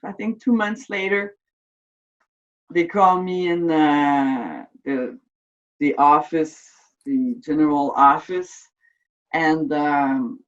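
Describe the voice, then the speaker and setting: A French-native woman in her fifties giving an earnest, emotional personal testimony in an interview, often restarting and repeating words as she speaks. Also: sits low. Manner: earnest, openly emotional recounting. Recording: distant, slightly dull mic sound.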